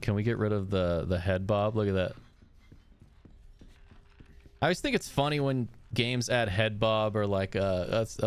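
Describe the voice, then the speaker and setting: A man's voice: on the low side, clear, resonant tone. A man streaming a horror game, rambling, crude and joking as he plays. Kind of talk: casual gameplay commentary.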